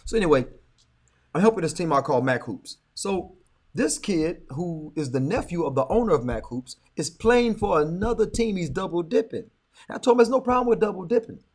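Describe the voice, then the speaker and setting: Lively middle-aged man telling stories. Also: on the high side, slightly rough. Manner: animated storyteller, repeats words, quick laughs. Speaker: podcast co-host. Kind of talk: casual chat.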